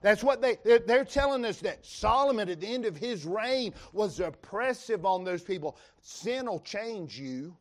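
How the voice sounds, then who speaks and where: A man's voice: high-pitched, lively intonation, moderate pace, few pauses. A man with a Western North Carolina accent preaching a sermon in a folksy, emphatic way, reading scripture aloud to the congregation. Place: church revival service.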